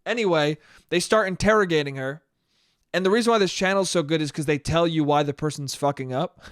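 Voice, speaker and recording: A man hosting a solo podcast, retelling a story in a casual, profane and animated way. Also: a little high, normal speed, smooth, dry recording, clean studio sound. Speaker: podcast host.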